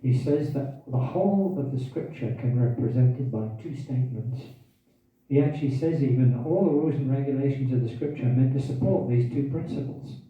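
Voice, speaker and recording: A man's voice: mid-range voice, fairly quick. A man giving a scripture class, quizzing the audience and repeating key phrases, with hiccups. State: has hiccups. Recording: tinny, distant, echoey room recording.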